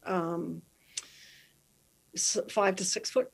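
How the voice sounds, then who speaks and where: Lively New Zealand woman telling stories. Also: lowish voice, extremely slow, vocal fry, breathy edge. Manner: animated, lively storyteller who giggles easily. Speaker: guest, marathon swimmer. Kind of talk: storytelling in conversation.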